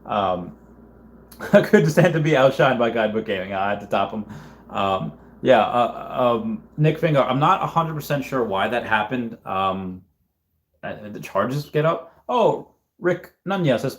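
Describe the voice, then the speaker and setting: A man hosting a casual livestream, talking in a rambling, halting way with many restarts and fillers. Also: medium pitch, animated. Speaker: livestream host.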